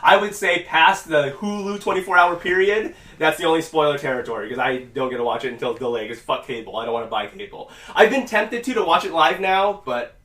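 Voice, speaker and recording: A man hosts a casual podcast with loose, rambling talk full of profanity, his voice sitting a touch high for a man. The sound is roomy and echoey, and he sits some way back from the microphone. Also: fairly quick, hardly any pauses. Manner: rambling, profane, animated when quoting. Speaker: podcast host. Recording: echoey room, mic at a distance.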